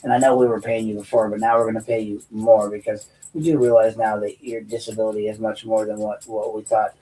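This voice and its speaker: A man's voice: fairly low pitch, little pitch movement, a little fast, dark tone, recorded from a distance, low-quality recording. A man hosting his own show, giving a rambling, combative monologue with many restarts. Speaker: show host and veteran. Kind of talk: monologue commentary.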